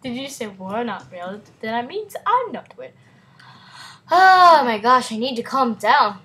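A woman's voice: a little high, very animated, measured pace, bright, forceful tone, low-quality recording. A woman hosting a casual gameplay video, giddy and goofy, giggling often. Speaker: game video host.

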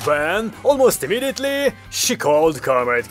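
A man narrating an audiobook with lively storytelling. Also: sits high, unhurried, soft background music.

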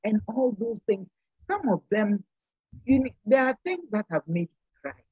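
A woman's voice: medium pitch, very animated, unhurried, dark tone, breathy edge, dry recording, muffled recording. An older woman speaking as a guest on a church program, giving an earnest, sermon-like exhortation and repeating phrases for emphasis. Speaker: panel guest.

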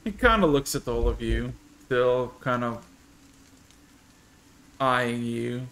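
A man's voice: mid-range voice, lively intonation, slow, fairly bright tone. A man narrating as game master, hesitant with many fillers.

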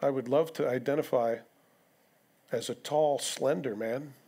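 A man's voice: mid-range voice, measured pace, warm tone, husky. A male pastor preaching an expository sermon, conversational, with rhetorical questions and asides to the congregation. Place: church sanctuary.

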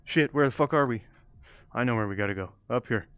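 Male streamer, casual game commentary, self-mocking, swears, smooth, dry. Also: mid-range voice, a little fast, a bit bright, dry recording. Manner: chatty, self-mocking, swears under pressure. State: has the hiccups.

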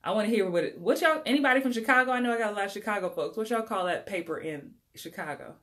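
A middle-aged acting coach talks casually and warmly on a livestream, reading out viewer comments and laughing often. Her voice is bright and forceful, set at an ordinary middle pitch. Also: expressive, fast. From New York.

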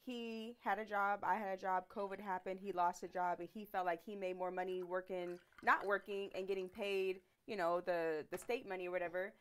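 A woman guest on a casual live-streamed chat, quiet-spoken but blunt and slangy, from Southern California. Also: mid-range voice, fairly even intonation, normal speed, hardly any pauses, clear, resonant tone.

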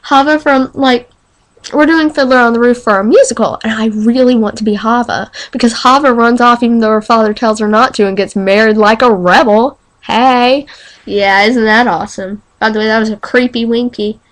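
A teenage girl with a slight lisp from retainers, vlogging at home in a dramatic, excitable way. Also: a little high, moderate pace. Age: teens. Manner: excitable and dramatic, breaks into squealing panicked quotes. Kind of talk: casual vlog monologue.

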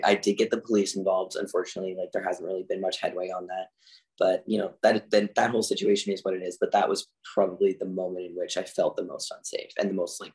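Low-pitched man, casual interview guest, chatty with lots of fillers. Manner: chatty, filler-heavy with frequent "like". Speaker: podcast guest, drag artist.

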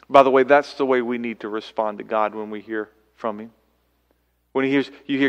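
A man preaching a sermon as pastor, animated, voicing scripture quotes with sudden loud calls. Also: mid-range voice, normal speed. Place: church sanctuary. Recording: long church hall reverb.

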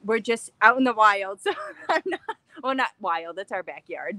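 A young woman hosting a casual craft-channel livestream from her backyard, bubbly and excited, chatting in a scattered, rambling way. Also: medium pitch, moderate pace, dry recording. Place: backyard, outdoors.

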